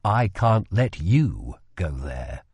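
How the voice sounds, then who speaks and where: Man doing a serious young magician, short flat lines, dry sound. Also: low-pitched, slow, slightly rough, no room sound, pitched below the performer's own voice, heavily acted. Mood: weary. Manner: terse, controlled.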